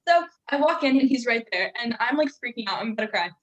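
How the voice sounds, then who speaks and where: A young woman telling a personal story in casual chat among friends, in an animated way. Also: a little high, fast talker, dull audio. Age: young adult. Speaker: guest student.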